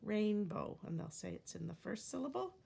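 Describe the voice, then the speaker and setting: A woman teacher calmly and patiently explaining a phonics lesson on syllables. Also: fairly low pitch, fairly quick, vocal fry, breathy edge. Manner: calm, patient, instructive.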